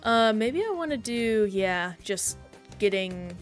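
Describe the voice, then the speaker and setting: A woman streamer talks through her game in a loose, rambling way, pausing to thank chat and muse about herself. Her voice sits in a middle pitch, with faint music playing behind her. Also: big pitch swings. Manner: chatty, self-reflective, reads chat aloud. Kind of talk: casual gaming stream chat.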